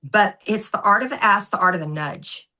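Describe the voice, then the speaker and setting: A woman guest on a podcast interview, an animated, emphatic storyteller who acts out what people said. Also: mid-range voice, moderate pace. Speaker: guest, former gymnastics coach.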